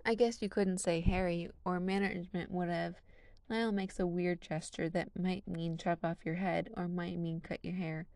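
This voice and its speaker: A woman's voice: on the low side, vocal fry, a little mellow, no echo. A woman narrating a fan fiction story in a casual, wry reading style.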